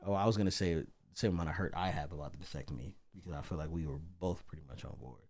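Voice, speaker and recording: A man's voice: low voice, racing, darkish tone. A man co-hosting a casual marriage podcast, talking in a laid-back, conversational way. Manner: laid-back, conversational, uses "you know what I'm saying". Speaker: podcast co-host. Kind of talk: casual chat.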